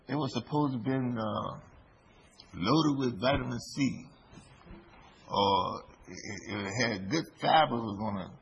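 Slow, gravelly-voiced male preacher. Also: mid-range voice. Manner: slow, deliberate preaching with emphatic rises. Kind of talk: sermon. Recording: dull lo-fi recording with faint background noise.

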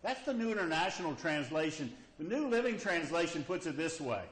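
Animated male preacher in an echoey room. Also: on the high side, brisk. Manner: questioning, repeats "okay?" and "you see?". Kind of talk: sermon.

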